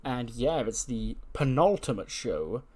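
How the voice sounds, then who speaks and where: A man's voice: medium pitch, sing-song, unhurried, dark tone. A man hosting a wrestling sim playthrough, narrating casually with many fillers as he imagines the scene.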